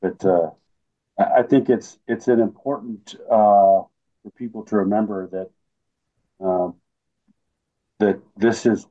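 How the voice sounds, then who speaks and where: Deep mellow man, muffled sound. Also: steady tone. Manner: measured, halting, with many fillers. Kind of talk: casual religious chat.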